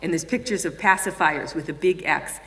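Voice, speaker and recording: Her voice sits low and moves at a normal speed as this older American woman gives a storytelling keynote. She animatedly acts out the voices of the people in her stories, recorded by a distant mic in a large, reverberant conference hall.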